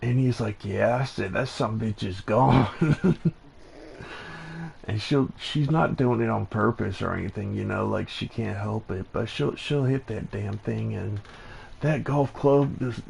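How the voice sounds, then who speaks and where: A man hosting a live stream in casual chat, laid-back and profane, laughing often, with a gravelly voice. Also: lowish voice, measured pace, darkish tone, a little hiss or hum.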